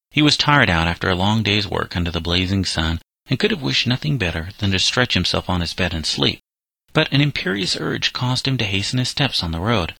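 A man reading a novel chapter aloud as an audiobook narrator, in a measured storytelling delivery. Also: deep voice, gravelly, bright, forceful tone, no echo, poor audio. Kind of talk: scripted narration.

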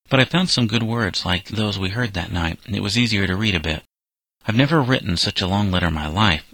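A man's voice: low voice, bright, forceful tone, no echo, exaggerated voice, rough recording. A man reading a letter as a plainspoken young male reform-school inmate.

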